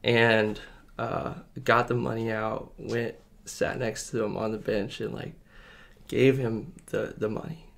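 Low gravelly-voiced man, earnest. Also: flat delivery, takes it slowly, a bit bright. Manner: earnest, rambling with many fillers. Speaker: podcast guest. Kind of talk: casual testimony chat.

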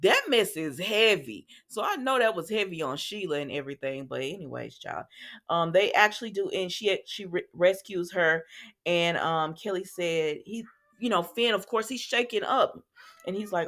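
A woman hosting a soap opera recap, retelling scenes in a chatty, animated way with asides to her viewers. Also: on the low side, moderate pace. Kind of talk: casual chat.

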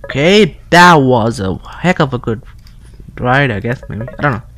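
A man reading game text aloud for a playthrough, halting and restarting words as he goes. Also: mid-range voice, expressive, fairly bright tone, faint music behind. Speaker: let's-play gamer.

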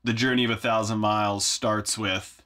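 Forceful and bright, his voice is on the low side with little pitch movement, at a moderate pace. In his home studio, the songwriting vlogger talks through his work offhandedly, with wry self-mockery.

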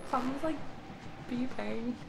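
A woman's voice: fairly high pitch, a little slow, gravelly, background noise. A young woman playing a horror game with a friend, jumpy and swearing, often breaking into nervous laughter. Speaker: let's play gamer. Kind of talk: casual co-op gameplay chat. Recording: game sounds loud behind voice.

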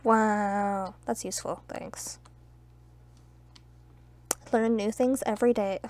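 A young woman's mid-range voice, fairly even in intonation, comes at a slow pace over a slight hiss or hum. Gaming with friends, she keeps up a casual chat of teasing and playful trash talk punctuated by loud laughs.

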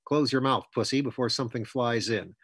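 A man voicing a gruff, bossy male squirrel fay who scolds briskly. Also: medium pitch, a bit bright, dry recording. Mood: scornful.

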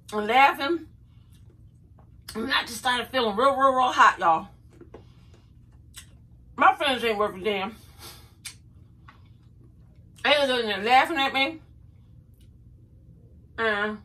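A woman's voice: a little high, takes it slowly, pauses often, poor audio. A middle-aged woman, chatting to her viewers as she tells a funny story from her younger days. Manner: animated, chatty, addresses viewers as y'all. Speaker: vlogger. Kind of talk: casual storytelling to camera.

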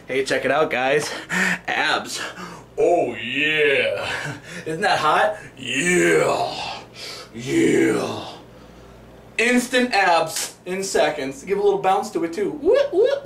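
A man talking casually to the camera in a vlog, animated and playful as he hypes himself up for his viewers. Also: sits high, slight background noise. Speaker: vlogger. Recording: echoey room, camera at a distance.

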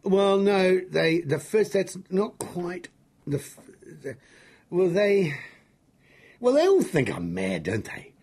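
Middle-aged kiwi guy, gravelly husky voice, swoops up and down a lot, rambly jokey interview guest. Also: high voice, slow. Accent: New Zealand. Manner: excitable, jokey, rambling with many restarts. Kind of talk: animated storytelling in an interview.

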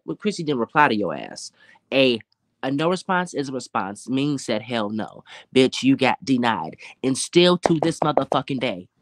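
A host of a commentary channel rants in a confrontational, profane way, firing off slangy rhetorical questions and drawn-out taunts. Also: medium pitch, no room sound, clean studio sound. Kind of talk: live commentary rant.

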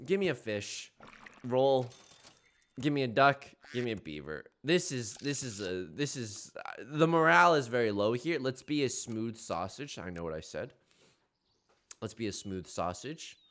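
A man giving casual, jokey commentary while playing a game, with sudden loud outbursts. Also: mid-range voice, big pitch swings, a little slow. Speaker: gaming YouTuber.

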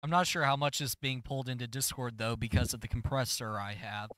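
A man's voice: mid-range voice, brisk, fairly bright tone, no echo. A man talking as a teammate over casual game voice chat, giving short, matter-of-fact answers.

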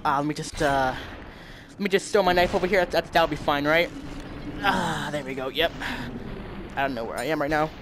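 A young man giving casual let's-play commentary while playing a VR game, reacting with loud exclamations. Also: on the high side, normal speed. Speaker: gamer playing VR with a friend. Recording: noisy with game gunfire behind.

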